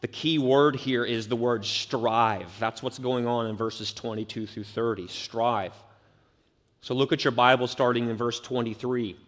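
A man's voice: mid-range voice, steady tone, measured pace, a bit bright. A man preaching a sermon as pastor, earnest and building to emphatic urgency. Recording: long reverb of a church hall.

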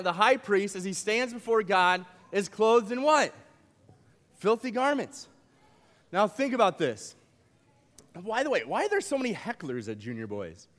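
A young man preaching to a youth camp with a playful, animated delivery, joking with the audience in a large hall. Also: high-pitched. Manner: playful, animated, uses props and jokes with the crowd. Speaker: camp speaker. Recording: long hall reverb.

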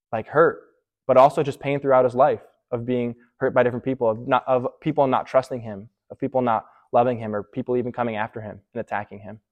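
A man's voice: medium pitch, a little mellow. A man preaching to a youth group in a loose, conversational way. He speaks to the listeners directly as "you guys" and keeps asking "okay?" to make sure they are following. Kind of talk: casual youth sermon.

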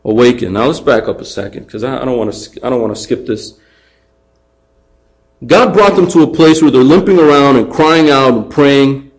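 A man preaching a sermon, animated, acting out taunts in a raised voice and dropping quiet for emphasis. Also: mid-range voice, moderate pace, long pauses, low-quality recording. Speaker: pastor.

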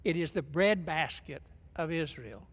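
A man, in his later years, preaches in a folksy, lively way and acts out every quote. His voice sits high for a man, and a long reverb trails each line through the hall. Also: measured pace, husky. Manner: folksy, animated retelling with acted quotes. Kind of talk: sermon storytelling.

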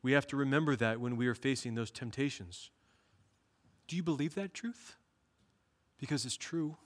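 A man's voice: medium pitch, moderate pace. Earnest male pastor preaching in a hall. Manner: earnest, rising to emphatic bursts. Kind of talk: sermon.

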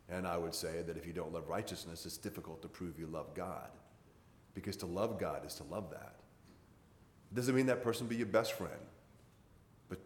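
A low-voiced man delivers a sermon in a conversational style, pressing hard on his main points. His voice echoes around a reverberant room. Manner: conversational preaching, rising and pressing on key points. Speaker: pastor.

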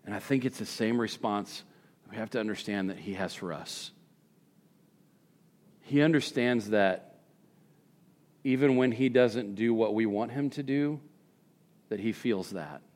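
A man's voice: fairly low pitch, unhurried, long pauses. Earnest male pastor preaching conversationally. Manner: conversational preaching, swinging from hushed to emphatic. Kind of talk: sermon.

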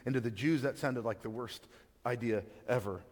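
A man's voice: mid-range voice, normal speed, darkish tone, big-room sound. A man giving a sermon as a pastor, talking in a conversational way with frequent stammered restarts.

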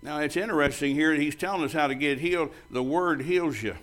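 Preaching to his congregation, an older male pastor speaks a little fast in a voice on the high side. He's blunt, tells stories, and performs both sides of the dialogue. His jokes with the congregation come out loud and bold.

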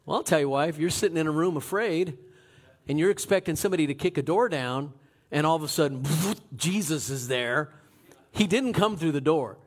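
High-voiced preacher in a lively sermon. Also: male voice, fairly quick. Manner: animated storytelling, swinging from loud to hushed. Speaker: pastor.

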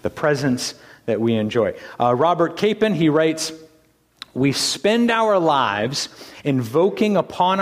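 Inside a church sanctuary with long hall reverb, a pastor with a slightly high voice preaches a sermon to his congregation. He poses rhetorical questions and shifts between hushed whispers and loud, emphatic lines.

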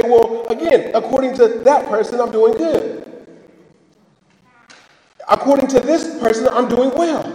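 A man with a high voice preaches a sermon in a loose, conversational way, checking in with "right?" and restarting his sentences. He sounds as if he is in a church hall, with a long, roomy echo around his voice. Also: warm tone.

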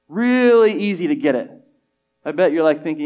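A man with a slightly higher voice preaches a sermon. He talks in a casual, conversational way and acts out other people's lines. His volume swings from loud emphasis to soft, quiet lines. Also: expressive, moderate pace, lo-fi sound. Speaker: pastor.

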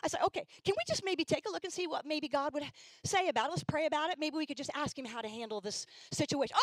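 A middle-aged woman gives a sermon full of stories, her voice set a little high. The sound is dry and close to the mic. She slips into the voices of the girls she talks about, making them livelier. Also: fast talker, dry recording, poor audio. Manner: animated storyteller, acts out girls' voices. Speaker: church speaker. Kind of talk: sermon storytelling.

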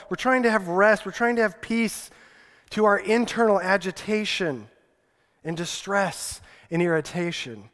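A male pastor with a notably high voice delivers a conversational sermon, echoing his key lines back for emphasis. His words ring out with a long reverb tail from a church sanctuary. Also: fairly bright tone.

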